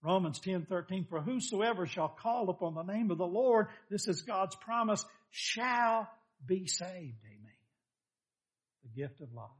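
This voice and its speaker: A man's voice: high-pitched, animated, normal speed, hardly any pauses. A middle-aged male pastor preaching a sermon, emphatic, asking rhetorical questions and quoting scripture.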